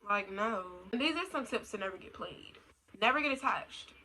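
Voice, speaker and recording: A woman's voice: a little high, lively intonation, normal speed, sharp tone, a little hiss or hum, rough recording. A young adult woman talking casually in a blunt, slangy, profane way, repeating her points for emphasis. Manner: repetitive, emphatic. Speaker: vlogger. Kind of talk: casual rant.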